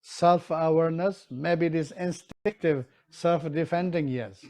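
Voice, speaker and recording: A man leads a live teaching session in unhurried, non-standard English, and his voice sits somewhat high. He checks in with his listeners constantly and acts out his examples with sounds and little scenes. His delivery is slow and deliberate. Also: darkish tone. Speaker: teacher of Tibetan medicine.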